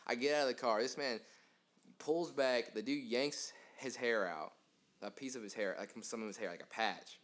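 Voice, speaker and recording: A man in his twenties telling a rambling, animated story in casual podcast chat, full of fillers. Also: mid-range voice, normal speed. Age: 20s. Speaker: podcast host.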